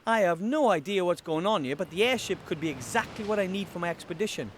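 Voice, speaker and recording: A man's voice: high voice, expressive, fast, slight background noise. An actor playing a timid young male gnome wizard in a video game, nervous and stammering.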